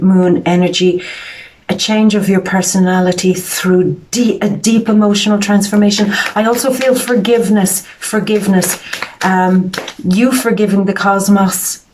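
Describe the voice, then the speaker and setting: Earnest woman tarot reader, emotional, repeats herself, mid-pitched voice. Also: darkish tone. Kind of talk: psychic tarot reading monologue.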